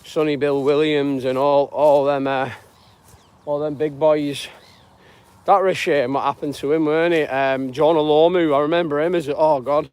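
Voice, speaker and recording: A man's voice: a little high, steady tone, moderate pace, a little mellow, clean tone. A man from northwest England with a northern English accent, chatting casually and rambling as he hosts a live stream on a dog walk outdoors. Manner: rambling and chatty, greets viewers by name. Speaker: live-streaming channel host.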